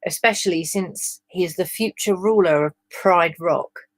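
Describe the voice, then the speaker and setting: A woman's voice: lowish voice, unhurried, dry recording. A British woman voicing a kindly old farm wife who chides her husband in a read-aloud fan story. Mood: chiding.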